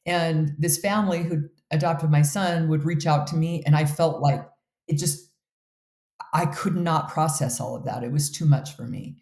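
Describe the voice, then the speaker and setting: A woman in her fifties recounts her life in an interview, speaking earnestly and with open emotion. Her voice sounds warm and mellow, and the room around her is noticeably echoey. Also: low voice, normal speed. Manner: earnest, candid, emotional storytelling. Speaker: guest. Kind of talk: personal storytelling in an interview.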